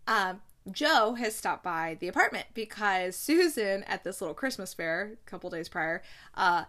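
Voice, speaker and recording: A woman hosting a casual recap, chatty and animated, gushing and tossing in playful asides while she retells scenes. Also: mid-range voice, moderate pace. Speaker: podcast host reviewing movies.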